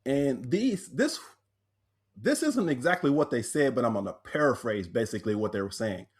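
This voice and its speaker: A man, a speaker and author, telling personal stories in a podcast interview, animated and acting out the voices he quotes. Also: medium pitch, moderate pace, husky.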